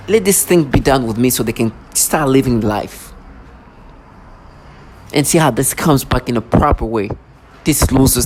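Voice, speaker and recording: Ranting man, agitated and stammering, mid-pitched voice over a noisy recording. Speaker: vlogger. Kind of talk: angry monologue.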